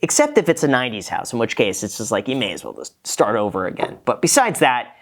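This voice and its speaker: A man's voice: medium pitch, wildly swooping pitch, fast talker. A man hosting a casual reaction show, a former real estate agent who gives frank, cost-minded critiques of a home tour.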